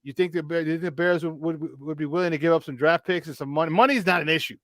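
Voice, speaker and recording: An animated male sports talk host chatting casually from a remote virtual studio. His voice sits a little high for a man and bursts with energy. The sound is dry, with no room echo. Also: fast. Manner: excitable, animated storyteller.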